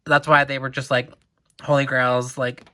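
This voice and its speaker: A young woman collector chatting casually through a doll unboxing, excitable and chatty with lots of "like" asides. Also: very deep voice, normal speed.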